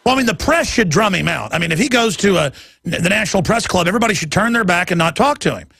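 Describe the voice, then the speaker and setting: Gravelly, sharp-voiced male radio host. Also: high voice, animated, quick pace. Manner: heated, emphatic ranting. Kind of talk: talk radio commentary.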